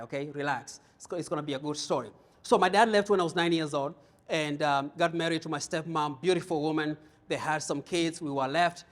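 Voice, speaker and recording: A middle-aged man from Kenya with a Kenyan accent, giving a humorous leadership keynote to a live audience, telling stories and often repeating words as he starts a thought. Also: on the high side. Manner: storytelling, jokey, repeats words when starting. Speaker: keynote speaker. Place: conference room with audience.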